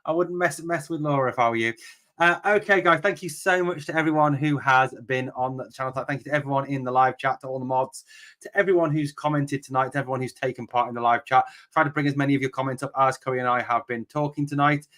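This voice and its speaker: A man's voice: mid-range voice, fast talker, fairly bright tone. A man hosting a live podcast in an upbeat, friendly manner, thanking his guest and viewers. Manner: upbeat, friendly sign-off patter. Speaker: podcast host.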